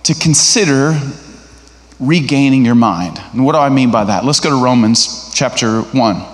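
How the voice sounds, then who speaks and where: A middle-aged man preaching a sermon as a guest speaker to a church congregation. He speaks in a lively, conversational way and asks the congregation questions. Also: medium pitch, moderate pace. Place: church sanctuary. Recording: echoey hall reverb.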